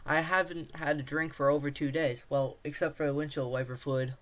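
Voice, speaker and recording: A man's voice: a little high, little pitch movement, brisk, a bit bright, lightly acted. A man voicing a bewildered, thirsty stranded man. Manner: confused, questioning.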